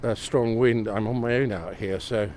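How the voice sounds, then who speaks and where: Chatty low-voiced man on a snowy night walk. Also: fairly even intonation, normal speed, a little hiss or hum. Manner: exclamatory, gently enthusiastic, often asks viewers questions. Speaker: live-stream vlogger. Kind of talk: chatty live walk narration to viewers. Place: outdoors on a snowy, windy city street at night. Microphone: iPhone on a gimbal.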